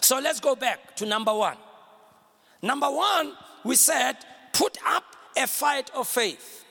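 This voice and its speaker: A male pastor delivering a fiery sermon, often shouting and calling on the congregation to answer back. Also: extremely high pitch, lively intonation, takes it slowly, vocal fry, slightly rough, in a large hall. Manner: fiery preaching with shouted call-and-response.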